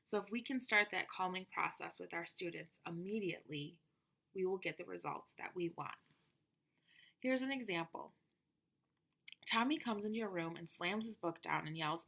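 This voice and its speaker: Woman, lower voice, reads a prepared lecture on classroom methods, steady and explanatory. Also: moderate pace. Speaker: presenter of teaching methods. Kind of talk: reading a prepared presentation.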